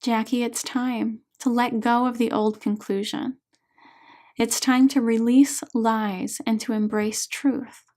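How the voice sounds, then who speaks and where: A woman reading as a calm female hypnotherapist, guiding gently in a fairly high voice. Her pace is slow and unhurried, soothing throughout. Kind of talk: audiobook character reading.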